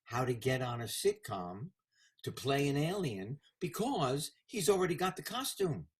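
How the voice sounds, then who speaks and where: A man in his seventies, a guest in a casual interview, telling animated stories about his career. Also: medium pitch, a little slow. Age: 70s. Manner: animated anecdotal storyteller.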